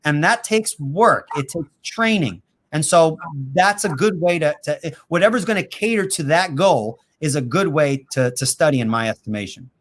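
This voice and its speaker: Man, higher voice, animated, fillers, casual livestream host. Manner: animated, quick, laughs easily, many fillers. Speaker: host and apologetics teacher.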